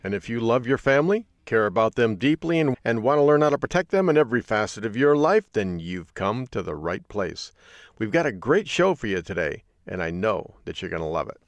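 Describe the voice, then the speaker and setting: A man's voice: fairly low pitch, big pitch swings, fairly quick, dry recording. A man from Michigan hosting a podcast, talking in an upbeat, jokey, folksy way. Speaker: podcast host. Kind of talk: solo podcast talk.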